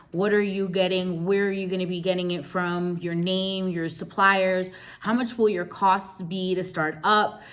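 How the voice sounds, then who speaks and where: Emphatic low-voiced woman host. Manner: emphatic, repeats key words, frequent rhetorical "right?". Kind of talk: motivational business talk.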